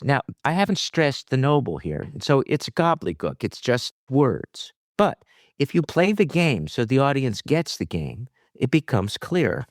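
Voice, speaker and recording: Animated man explaining like a teacher. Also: medium pitch, moderate pace, no room sound, clean studio sound. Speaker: theater director and acting teacher. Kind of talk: interview, explaining acting technique.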